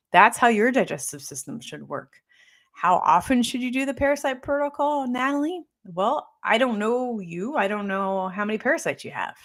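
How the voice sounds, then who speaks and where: A middle-aged woman, a health practitioner, answering viewer questions in a casual live talk while her nose runs a little. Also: medium pitch. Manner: casual, conversational, tags points with "right?". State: runny nose.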